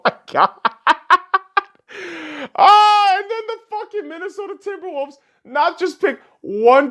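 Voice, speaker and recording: A man hosting a podcast, delivering a profane, heckling sports rant in a casual, animated way. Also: sits high. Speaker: podcast host.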